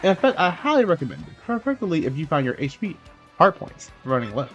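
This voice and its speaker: A man's voice: on the high side, wildly swooping pitch, fast, a bit bright, muffled recording. Guy putting on a fussy proper old mushroom butler, pompous and stiff, game music faint behind. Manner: pompous, old-fashioned, chuckling ho ho.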